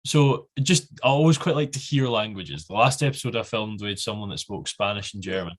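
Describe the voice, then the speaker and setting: A Scottish man with a fairly low voice hosts a podcast interview. He talks in a chatty, easygoing way and often laughs mid-sentence while telling stories. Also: animated, a little fast. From Scotland. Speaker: podcast host. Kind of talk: casual interview chat.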